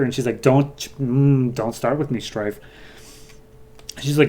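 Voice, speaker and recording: A man hosting a podcast, casually retelling a comic's plot with many fillers and quick quoted lines. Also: mid-range voice, fairly even intonation, a little mellow. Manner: loose, filler-heavy retelling, voicing characters lightly. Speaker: podcast host.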